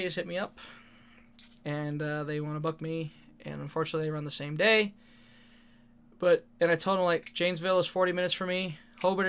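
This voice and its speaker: A man rambles through stories from his wrestling matches in a loose, profane, laughing way. His voice is bright and clear, pitched a little above the usual for a man. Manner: rambling, laughs often, swears casually. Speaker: independent wrestler. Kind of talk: casual storytelling monologue.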